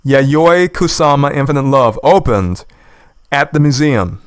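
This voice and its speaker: A man's voice: on the high side, fairly bright tone, clear, resonant tone, dry recording. A man giving an indignant, sarcastic reaction commentary, repeating his points for emphasis. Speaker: YouTube commentator. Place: lives in the United States.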